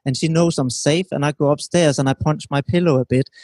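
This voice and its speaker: A man giving a calm, teacherly explanation as a guest in an interview, often checking in with his listener. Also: a little high, fairly quick, no room sound. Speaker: relationship expert guest.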